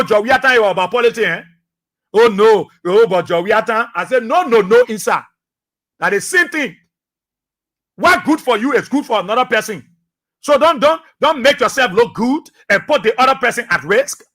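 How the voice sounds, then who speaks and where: A Liberian man with a strikingly high, bright, forceful voice delivers fiery radio talk-show commentary. He preaches at his listeners, repeating short phrases again and again to drive each point home. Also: animated, a little fast. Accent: Liberian English.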